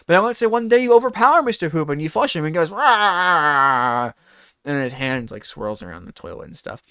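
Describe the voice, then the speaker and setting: A man's voice: on the high side, racing, no room sound, clean studio sound. A man hosting a talk show, telling a rambling comedic bit and acting out scenes. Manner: animated, rambling, acts out scenes.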